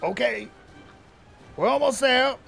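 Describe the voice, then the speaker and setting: A man giving casual gameplay commentary, rambling and stammering as he jokes along. His voice is strongly gravelly and fairly high, and he talks slowly. Faint music plays under him. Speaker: streamer playing a game.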